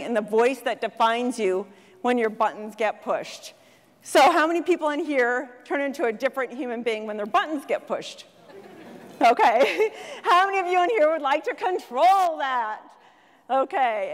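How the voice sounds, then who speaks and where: A middle-aged woman life coach giving a lively motivational talk to an audience, telling stories and asking the crowd questions. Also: sits high. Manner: storytelling, animated, asks the audience questions. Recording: long hall reverb from a stage.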